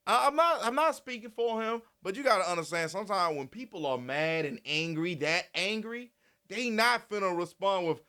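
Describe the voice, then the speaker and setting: A man giving casual, animated commentary, repeating himself and swearing freely. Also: high voice, moderate pace, clean tone. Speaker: commentary channel host.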